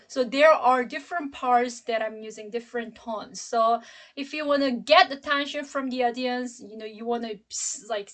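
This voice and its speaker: With a slightly high, fairly bright voice, this middle-aged woman teaches as an English professor. Her lecture is slow and emphatic, and she models intonation as she goes.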